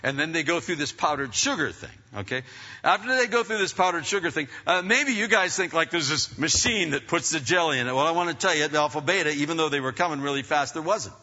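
Bright-voiced man telling a rambling sermon story. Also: on the high side, fast talker. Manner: rambling, animated storyteller with many restarts. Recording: dull, echoey hall sound.

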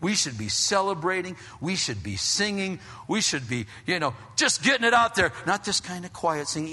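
Male pastor, bright high voice, animated delivery swinging between shouts and hushes, recorded in a reverberant church hall. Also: normal speed, few pauses. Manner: animated preaching, acts out scenes, drops to hushed tones. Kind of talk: sermon.

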